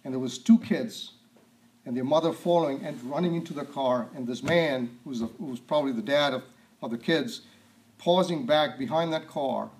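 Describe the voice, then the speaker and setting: A man with a mid-range, slightly mellow voice preaches a sermon, reading scripture aloud. He asks rhetorical questions and often clears his throat.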